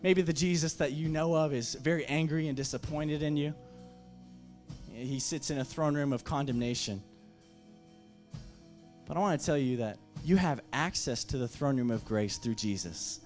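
A man's voice: fairly high pitch, normal speed, darkish tone, faint music behind. A man preaching a sermon as pastor, impassioned, with emphatic repeated phrases.

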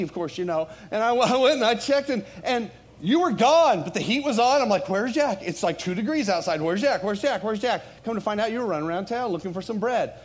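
A man preaching to his congregation in church, his voice pitched high for a man. He talks conversationally, then climbs to loud, emphatic peaks on the key lines. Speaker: pastor. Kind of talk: sermon.

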